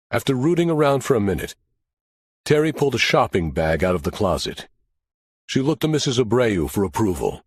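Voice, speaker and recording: A man giving an expressive, first-person audiobook narration of a crime thriller. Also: fairly low pitch, breathy edge, no room sound, clean studio sound.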